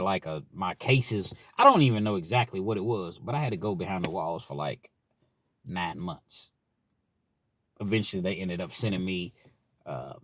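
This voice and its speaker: A man in his forties telling an earnest, rambling personal story with frequent restarts. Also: lowish voice. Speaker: vlogger.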